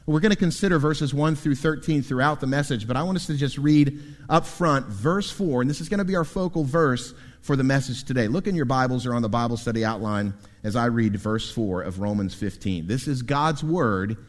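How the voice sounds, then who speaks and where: A man preaching a sermon as pastor, with lively delivery and quick asides to the congregation. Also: medium pitch. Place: church sanctuary. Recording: long reverb in a church hall.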